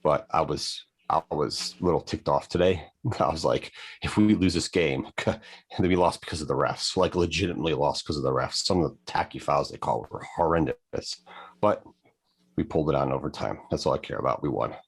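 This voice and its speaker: A middle-aged man chatting on a podcast, rambling through long explanations. His voice is extremely deep with a husky edge. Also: fairly quick. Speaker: podcast co-host. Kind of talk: casual chat.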